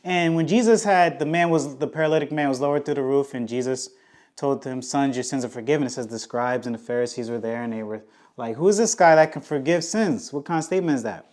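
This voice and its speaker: A man's voice: fast talker, darkish tone. A man giving a casual, emphatic teaching on scripture, acting out quoted lines and often restarting his sentences. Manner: casual, emphatic, acts out quotes with rising pitch; frequent restarts and slang. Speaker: Bible teacher.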